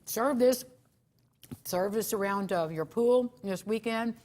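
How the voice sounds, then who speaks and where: A woman's voice: mid-range voice, slow, a little mellow. Gushing upbeat woman TV host. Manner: gushing, upbeat, promotes the guest. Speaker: TV lifestyle host. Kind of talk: cooking segment chat on local TV.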